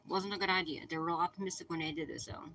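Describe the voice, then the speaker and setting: Low-voiced profane spiritual woman. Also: fairly even intonation, very fast, sharp tone, a little hiss or hum, rough recording. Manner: profane, emphatic, repeats reassurances. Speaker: spiritual reader and channel host. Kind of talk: casual spiritual pep talk to viewers.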